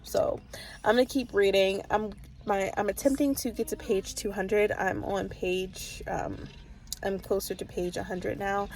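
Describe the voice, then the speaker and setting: Sitting in a parked car, a woman book vlogger chats casually about reading, rambling with lots of fillers and restarts and showing her emotions openly. Her voice is medium-pitched and darkish, with fairly even intonation and a slightly slow pace.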